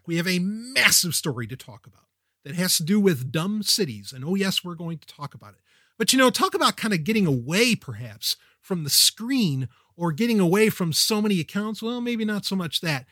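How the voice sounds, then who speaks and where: Male podcast host, middle-aged, high-pitched, quick-witted, rambling, self-interrupting, close mic. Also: dry recording. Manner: energetic, wisecracking, self-interrupting. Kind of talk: casual tech podcast monologue.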